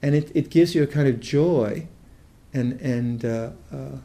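An older man, a Buddhist meditation teacher, giving a reflective dharma talk in a thoughtful, halting way, often restarting his sentences. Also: mid-range voice, dark tone.

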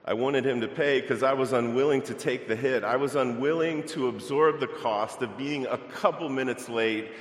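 Speaking at a normal speed with few pauses, this middle-aged male pastor delivers a sermon in a medium pitch. He mixes scripture reading with a personal story, using fillers, and the echo of the large church sanctuary lingers in the recording.

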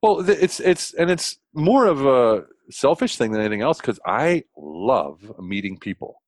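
A middle-aged American man, a consultant guest on a podcast, telling stories with lots of energy, restarting sentences and leaping up in pitch for emphasis. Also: very animated, no echo. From United States. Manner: fast, enthusiastic, frequent restarts, jumps high in pitch for emphasis. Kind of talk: animated storytelling interview.

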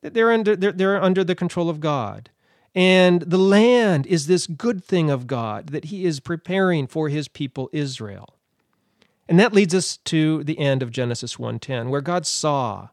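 A man's voice: on the high side, no room sound, clean studio sound. A man giving a Bible teaching, thinking aloud with fillers and restarts.

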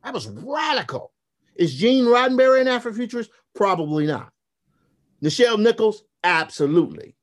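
Animated storytelling man in his fifties. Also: high-pitched, normal speed. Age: 50s. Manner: animated storyteller, acts out quotes. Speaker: guest, graphic novelist. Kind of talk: casual podcast conversation.

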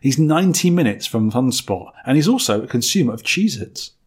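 A man hosting a laid-back podcast, with a slightly husky voice. He talks teasingly, like a quizmaster ribbing a friend. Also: medium pitch, big pitch swings, fairly quick, a little mellow. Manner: teasing quizmaster, reads listener mail aloud. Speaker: podcast host. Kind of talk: casual podcast chat and letter reading.

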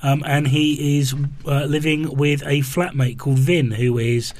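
A man co-hosting a podcast, talking casually and haltingly about comics with many ums and restarts. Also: on the high side, fairly even intonation, darkish tone, no room sound. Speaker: podcast co-host. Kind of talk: casual chat and comic review.

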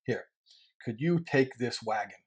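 A man's voice: medium pitch, expressive, unhurried, slightly rough, voice pushed down. A man voicing a shrewd older merchant, a father-in-law, in a told parable, stammering and repeating his words. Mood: weary, resigned.

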